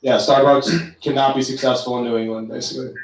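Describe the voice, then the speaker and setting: A man joining an online audio chat, speaking quickly and matter-of-factly. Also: medium pitch, fairly even intonation, creaky. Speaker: guest in an online audio space. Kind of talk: casual chat. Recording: roomy, distant online audio.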